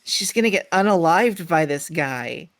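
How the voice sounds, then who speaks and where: A young woman chats and jokes while playing a tabletop game. Her voice is fairly low with a lot of pitch movement. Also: expressive, unhurried, a little hiss or hum. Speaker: player. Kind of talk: casual game chat.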